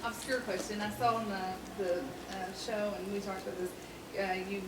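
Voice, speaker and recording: A woman in the audience asking a panelist questions, halting and apologetic. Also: mid-range voice, steady tone. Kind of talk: convention Q&A question. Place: large convention hall. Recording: echoey hall from far off, loud background noise.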